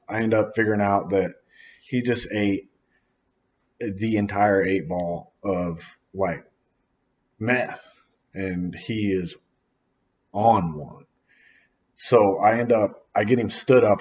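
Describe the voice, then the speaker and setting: A man's voice: lowish voice, moderate pace, lo-fi sound. Slangy man telling a wild story. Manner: animated, acts out quotes with sudden loud outbursts; casual slangy speech with many fillers. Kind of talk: casual spoken storytelling.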